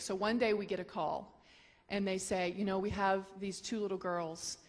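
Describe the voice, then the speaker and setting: An earnest woman shares a heartfelt personal testimony, her voice carrying with a long reverb through a church hall. She speaks with emotion, pitched in a middle range. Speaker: guest sharing her testimony.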